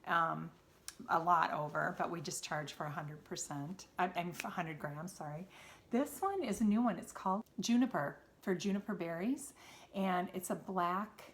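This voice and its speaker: A woman's voice: on the low side, normal speed, fairly bright tone, a little hiss or hum. A woman with a Wisconsin accent hosts a knitting show, chatting casually about yarn. She rambles happily, with frequent ums and self-corrections. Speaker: knitting podcast host and yarn seller. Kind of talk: casual show-and-tell chat.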